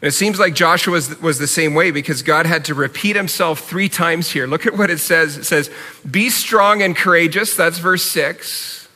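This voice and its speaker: Earnest pastor in a reverberant hall. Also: male voice, fairly high pitch, moderate pace, hardly any pauses, sharp tone. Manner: earnest, conversational preaching with repeated appeals. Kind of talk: sermon.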